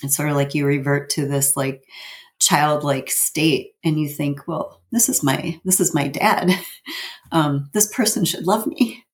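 A woman in her fifties with a notably low voice tells a personal story. She speaks haltingly, with plenty of fillers and nervous little laughs. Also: fairly even intonation. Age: 50s. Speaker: guest telling her family story.

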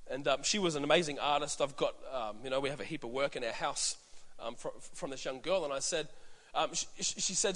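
Animated Australian pastor preaching. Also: male voice, on the high side, fast talker. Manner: storytelling, acts out voices, many restarts. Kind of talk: sermon. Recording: echoey hall reverb.

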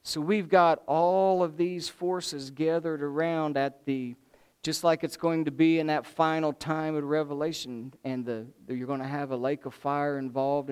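Male preacher, smooth voice, a bit high, animated delivery with big swings. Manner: animated, builds to excited bursts then drops low and slow. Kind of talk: sermon.

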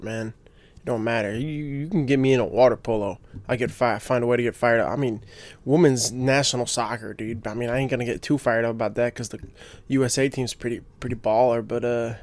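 Young man, casual solo podcaster, rambling, fired-up delivery, dry close mic, mid pitch. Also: a little mellow, no echo. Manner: rambling, gets fired up, lots of restarts and fillers. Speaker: podcast host.

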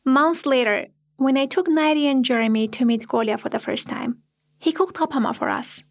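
Creaky-voiced woman narrating a documentary story. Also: sits high. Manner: measured storytelling, reflective. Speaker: podcast host and narrator.

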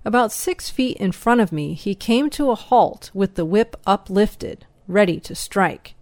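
A woman reading a first-person story aloud as an audiobook narrator, slow, even and measured. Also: medium pitch, no room sound.

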